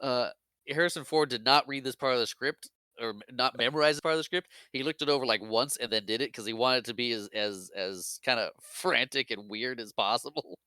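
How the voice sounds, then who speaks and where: A man with a bright, forward voice trades playful movie talk on a podcast. He laughs often and slips into silly character voices as he retells scenes. The recording is dry and close-miked. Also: mid-range voice, fairly quick, clear, resonant tone, dry recording. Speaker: podcast co-host. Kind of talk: casual movie recap chat.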